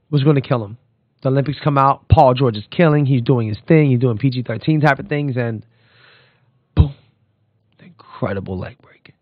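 Male podcast host, animated basketball rant, mid-pitched voice, dry and somewhat dull recording. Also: no room sound. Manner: animated, rants and calls out players directly. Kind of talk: casual sports commentary. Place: Florida.

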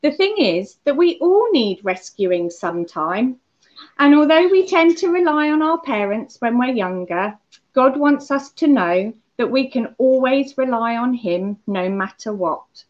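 A woman's voice: sits high, lively intonation, unhurried. Woman giving a children's talk. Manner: gentle, storytelling, speaks directly to children. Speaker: children's holiday club leader. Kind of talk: children's talk on a Bible lesson. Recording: muffled lo-fi church recording.

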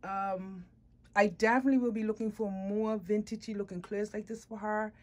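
Husky woman cooing over her dolls. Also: mid-range voice, steady tone, moderate pace. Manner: gushing, coos baby talk at her doll. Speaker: doll collector vlogger. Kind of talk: casual chat to camera.

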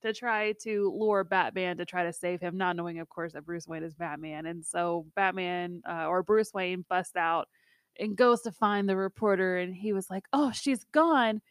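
A woman's voice: lowish voice, steady tone, normal speed, smooth, no room sound, studio quality. A woman co-hosting a movie review show in casual chat, talkative and laughing often between fillers.

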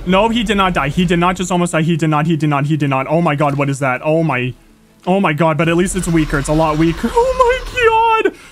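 A young man giving excitable live gameplay commentary, gasping, yelping and talking to the animals and monsters on screen. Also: a little high, quick pace. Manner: excitable, talks to animals and mobs, frequent gasps and yelps. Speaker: gaming YouTuber. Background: faint game music.

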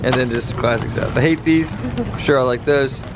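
A man's voice: mid-range voice, sing-song, moderate pace. A young man hosting a travel vlog in a jokey, laid-back way, talking outdoors and in a vehicle. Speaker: travel vlogger. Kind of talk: casual travel vlog talk. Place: outdoors on busy streets and in a vehicle in traffic. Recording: loud street traffic and crowd noise.

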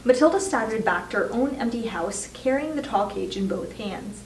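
A woman's voice: fairly high pitch, moderate pace, a little hiss or hum. Woman reading a children's book aloud. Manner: expressive storytelling. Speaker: reader. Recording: echoey room, distant mic.

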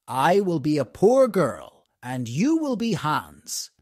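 A gentle, loving young princess, as a male storyteller reads her. The lines come slowly and clearly with lively rises and falls. The recording is dry and close. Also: on the high side, dry recording, full character voice. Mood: tender. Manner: slow, clear storybook reading.

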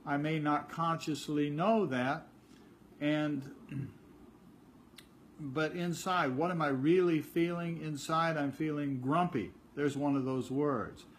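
A man's voice: fairly high pitch, fairly even intonation, takes it slowly, a little hiss or hum. An older man giving an informal spiritual talk. He speaks conversationally, repeats words and acts out little dialogues. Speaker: spiritual teacher.

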